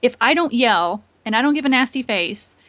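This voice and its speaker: A woman's voice: a little high, lively intonation, moderate pace, fairly bright tone, no echo. A woman hosting a podcast interview, affirming her guest and asking questions with many fillers. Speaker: podcast host. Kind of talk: conversational interview.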